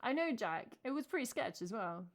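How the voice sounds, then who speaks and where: A woman's voice: a little high, sing-song, moderate pace. A woman with an English accent, chatting casually on a live stream, thinking aloud and answering her chat. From England.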